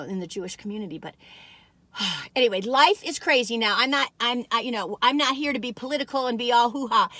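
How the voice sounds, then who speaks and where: A woman's voice: fairly high pitch, bright, forceful tone, dry recording. An older woman, chatting casually and rambling to viewers while reviewing food in her car.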